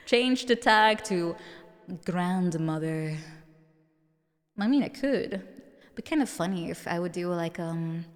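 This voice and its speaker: A woman's voice: on the low side, lively intonation, takes it slowly, long pauses, in a large hall, soft background music. A woman streamer with a mature-sounding voice, chatting casually with viewers and giggling often.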